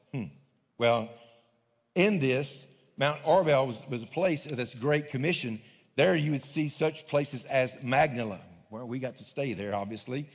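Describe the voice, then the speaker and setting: Pastor preaching in a reverberant church. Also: male voice, mid-range voice. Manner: folksy, conversational preaching with restarts. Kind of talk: sermon. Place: church sanctuary.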